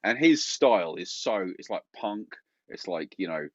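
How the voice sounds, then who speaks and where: Chummy Suffolk-accented man, lively voice. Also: low voice, measured pace, no echo, muffled recording. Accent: Suffolk English. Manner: jokey, laughing, chummy, calls people mate. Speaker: co-host of a harmonica festival stream. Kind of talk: casual banter.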